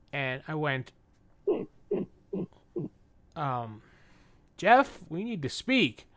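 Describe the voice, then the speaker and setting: A man's voice: a little high, fairly bright tone. A man co-hosting a podcast in a rambling, casual chat, acting out the voices of the people he quotes. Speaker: podcast co-host.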